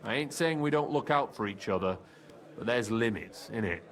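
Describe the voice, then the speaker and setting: A man's voice: on the low side, expressive, moderate pace, a bit bright. An actor playing a streetwise male fixer from a thieves' crew, with a Cockney accent and slangy talk. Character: shifty male thief-guild fixer, streetwise.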